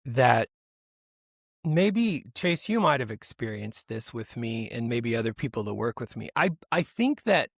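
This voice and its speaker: Man, podcast host, casual chat, rambling, restarts, mid pitch, dry close mic. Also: very animated, unhurried, vocal fry, slightly rough, dry recording. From United States. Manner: rambling, self-interrupting, laughs while reading. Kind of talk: casual podcast chat, reading news stories.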